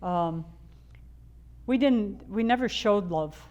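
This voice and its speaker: A woman's voice: mid-range voice, takes it slowly, darkish tone, highs cut off. An older woman from the Chicago area telling her own life story in a candid, rambling way, full of fillers and restarts. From Chicago area, USA. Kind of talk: personal storytelling.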